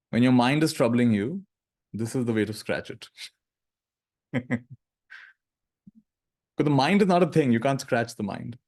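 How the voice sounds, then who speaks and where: A man leading a guided meditation talk, gentle and conversational, speaking in slow phrases with long pauses. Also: medium pitch. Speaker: meditation teacher.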